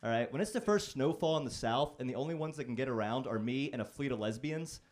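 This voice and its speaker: A young man works a comedy club stage with a wry, self-deprecating delivery. His voice sits at an everyday middle pitch, and now and then he jumps into loud mock-singing or shouted impressions. A faint murmur of the club hangs behind him. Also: expressive, fast, noisy background. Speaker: stand-up comedian. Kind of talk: stand-up set. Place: comedy club stage before a live audience.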